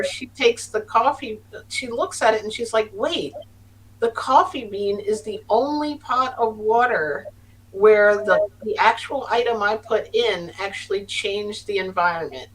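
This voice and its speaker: Middle-aged woman guest, lowish voice, chatty and earnest, lots of restarts, faint hum behind. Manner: earnest, rambling with frequent restarts. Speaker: podcast guest. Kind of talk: casual storytelling. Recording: distant mic with faint hum.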